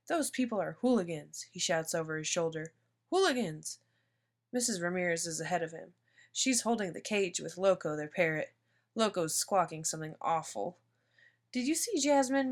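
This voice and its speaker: A woman reading a children's picture book aloud in steady, even narration. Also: on the low side. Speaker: storyteller.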